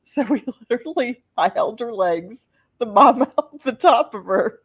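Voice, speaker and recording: In a relaxed podcast conversation, a female co-host spins a story and performs each quoted line with animation. She speaks at a normal speed in a mid-range voice, and the studio recording is clean and dry.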